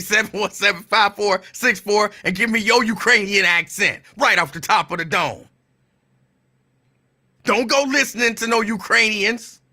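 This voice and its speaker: Bright-voiced, slow-talking male radio host. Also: sits high. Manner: teasing, laughs often, repeats phrases. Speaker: radio call-in show host. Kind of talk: casual call-in radio talk.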